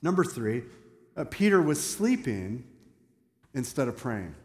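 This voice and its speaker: Man pastor preaching, lively, does little voices for the quotes, roomy church echo. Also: medium pitch, measured pace. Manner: animated, acts out quoted voices, self-deprecating asides. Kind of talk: sermon. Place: church sanctuary. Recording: echoey church hall.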